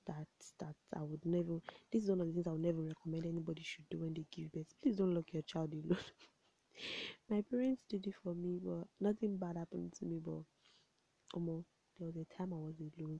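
A young woman, chatting casually to camera in a rambling storytelling way, often dropping to soft asides. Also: on the low side, fairly even intonation, a little fast, creaky, breathy edge, no room sound. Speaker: vlogger. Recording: dull, lo-fi home recording.

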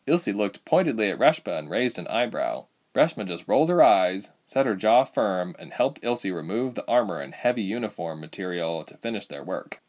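A man narrating a chapter of a novel as an audiobook, reading in a lively, expressive way. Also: lowish voice, moderate pace, few pauses.

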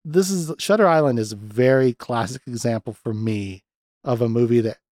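A man hosting a podcast, chatting loosely about a movie with lots of restarts and animated asides. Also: medium pitch, moderate pace, no room sound, studio quality. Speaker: podcast host. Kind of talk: casual film discussion.

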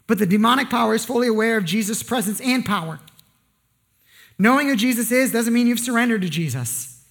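High-voiced male pastor preaching. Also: lively intonation, brisk, a bit bright. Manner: conversational, joking asides, rhetorical questions. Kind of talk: sermon.

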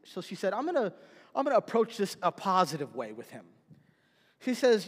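A man's voice: sits high, expressive, brisk, in a large hall. A man preaching a sermon as pastor, telling stories animatedly and acting out the voices of the people in them.

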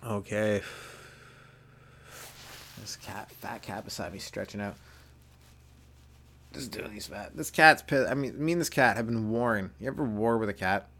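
A man's voice: lowish voice, measured pace, long pauses, a bit bright, a little hiss or hum. A young man hosting a comedy podcast, rambling through a casual monologue, swearing and laughing at his own jokes.

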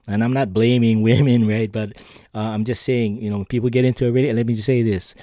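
A man's voice: fairly low pitch, steady tone, fast, dark tone, no echo, clean studio sound. A man hosting a podcast, telling personal stories in a casual, rambling way with lots of fillers and restarts. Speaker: podcast host. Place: lives on an island.

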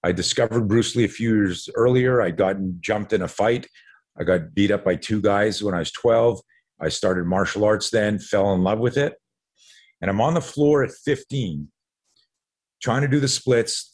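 A man in his sixties from Canada, a podcast guest who tells stories with energy, acts out other people's lines and often repeats words mid-sentence. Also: on the low side. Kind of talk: animated storytelling.

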